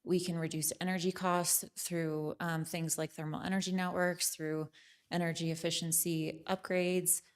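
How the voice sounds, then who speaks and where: A woman's voice: fairly low pitch, level tone, moderate pace. A woman giving a staff presentation to a town council, explaining steadily with frequent ums. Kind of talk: formal presentation.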